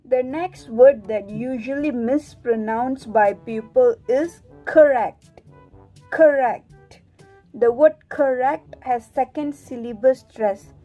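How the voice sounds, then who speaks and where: Slow, higher-voiced young woman teaching words. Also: warm tone, lo-fi sound, soft background music. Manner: slow, deliberate, repeats words for drilling. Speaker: student presenter. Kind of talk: scripted pronunciation lesson.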